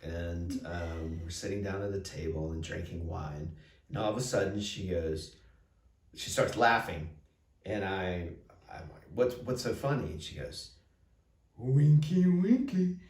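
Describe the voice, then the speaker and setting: A man's voice: sits low, unhurried. A man co-hosting a casual talk, telling a story and acting out the voices in it. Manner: animated, acts out the voices in his stories. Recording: echoey room, mic set at a distance.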